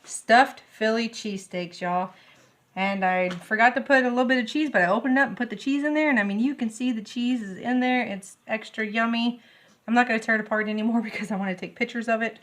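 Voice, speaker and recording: A woman's voice: a little high, fast talker. Bubbly woman cooking at home. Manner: bubbly, gushing, easily excited. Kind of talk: casual cooking demonstration. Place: home kitchen.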